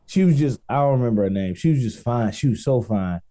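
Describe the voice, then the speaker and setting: A man's voice: medium pitch, lively intonation, fast talker, dark tone. A man with a Chicago accent co-hosting a casual comedy podcast, telling stories in a laid-back, rambling way. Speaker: podcast co-host.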